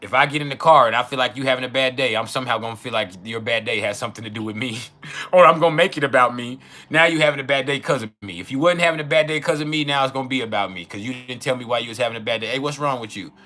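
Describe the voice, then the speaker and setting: Profane animated man with a bright voice. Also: medium pitch, very fast. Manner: profane, animated, laughs often, acts out quoted arguments. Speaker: astrology channel host. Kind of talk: casual unfiltered chat.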